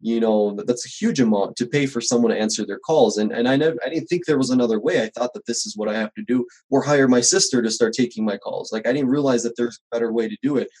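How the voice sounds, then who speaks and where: Small-business contractor guest, quick and a bit husky, animated storyteller. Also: male voice, medium pitch, poor audio. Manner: animated storyteller, acts out quoted voices. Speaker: home service contractor guest. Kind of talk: casual podcast conversation.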